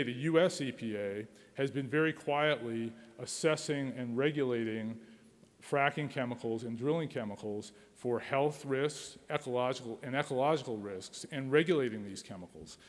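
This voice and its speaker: A middle-aged man giving a conference talk as an attorney, speaking hesitantly with many fillers and restarts. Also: mid-range voice. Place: conference hall. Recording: long reverb of a conference hall.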